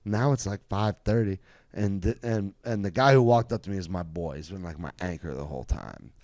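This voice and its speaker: A male comedian appearing as a podcast guest spins a comic tale in a low voice at a brisk clip. Lively and foul-mouthed, he keeps breaking into laughter mid-line, and the audio is close and dry without any echo.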